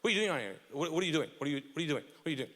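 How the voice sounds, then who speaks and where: A man's voice: fairly high pitch, lively intonation, rapid-fire, a bit bright, big-room sound. A man voicing an angry older brother who scolds and mocks his younger sibling. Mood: scolding. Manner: scolding, mocking.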